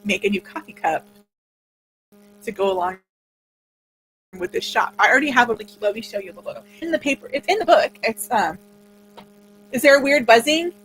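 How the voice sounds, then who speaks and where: A chatty woman in her forties hosts a livestream for her new book. Her voice sits on the high side and bubbles with eager excitement. She rambles happily in the easy tone of a casual stream. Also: moderate pace, pauses often. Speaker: author hosting a book launch livestream.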